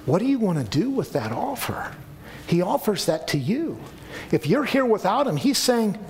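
A man's voice: high voice, very animated, normal speed, a little mellow, slight background noise. A man preaching a sermon to a congregation, earnest and pleading at times. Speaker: pastor.

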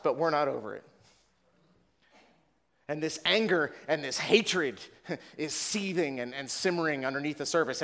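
A man preaching in a big, echoing hall, his voice sitting a touch high for a man. He talks earnestly, stumbling over repeated words as he builds his point. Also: bright, forceful tone. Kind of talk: sermon. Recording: long reverb of a large room.

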